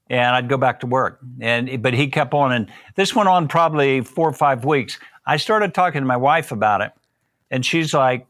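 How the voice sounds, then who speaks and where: An older man tells a long personal story in a relaxed, folksy way, slipping into quoted voices of the people in it. His voice sits in a middle pitch, close to a dry, dead-sounding mic. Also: normal speed, dry recording. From Southern United States. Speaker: guest. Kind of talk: storytelling interview.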